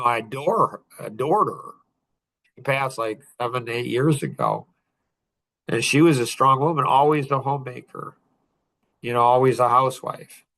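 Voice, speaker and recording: A man's voice: mid-range voice, bright, forceful tone. A man in his sixties hosting a podcast, talking casually in a blunt, emphatic, preachy way. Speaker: podcast host.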